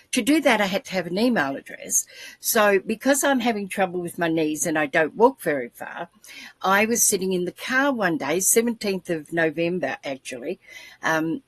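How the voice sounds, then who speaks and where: A woman in her seventies telling a personal story in a lively, animated way, acting out quoted voices. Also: breathy edge, no room sound. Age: 70s. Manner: animated storyteller, acts out voices with big pitch jumps. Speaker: guest, podcaster. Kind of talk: casual storytelling on a video call show.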